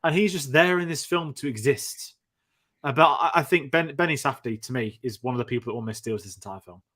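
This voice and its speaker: Chatty film podcast host. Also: male voice, medium pitch, brisk, a bit bright. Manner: chatty, rambling, restarts often. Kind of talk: casual film-review chat.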